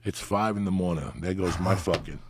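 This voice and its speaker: A man's voice: low voice, steady tone, brisk, background noise. A man, telling a crude, rambling story as a podcast guest. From New Jersey. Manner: crude, rambling anecdotes with vivid asides. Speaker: guest comedian. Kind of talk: profane storytelling.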